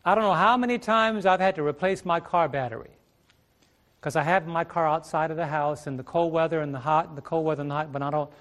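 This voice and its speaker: A man's voice: a little high, fairly even intonation, fast talker, a bit bright. A middle-aged male preacher teaching a Bible study sermon on a ministry stage, asking rhetorical questions and repeating his phrases.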